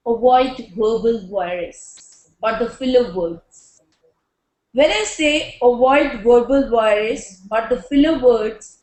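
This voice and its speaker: A woman with an Indian English accent giving a lecture on classroom communication, speaking slowly and deliberately and slipping Hindi phrases into her English. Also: on the high side, echoey room, poor audio. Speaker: teacher trainer.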